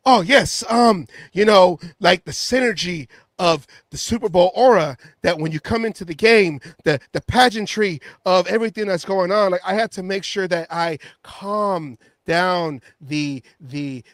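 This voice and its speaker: Man mocking a rookie quarterback, high voice, grandiose rambling jargon. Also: unhurried, few pauses, dry recording, studio quality. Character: young male quarterback spouting lofty cosmic jargon.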